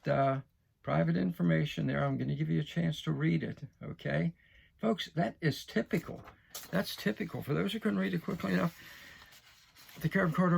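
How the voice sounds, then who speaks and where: A man's voice: on the high side, vocal fry, husky. A man in his sixties from the United States hosting his own show, talking folksily with frequent restarts and repetitions. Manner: folksy, repeats himself, frequent restarts and fillers. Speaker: show host. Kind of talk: casual direct-to-camera talk.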